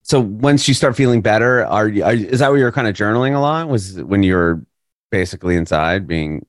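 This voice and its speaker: A man's voice: lowish voice, expressive, fairly quick, dry recording, clean studio sound. A man interviewing a guest casually over a video call, asking sympathetic, rambling questions that restart mid-sentence.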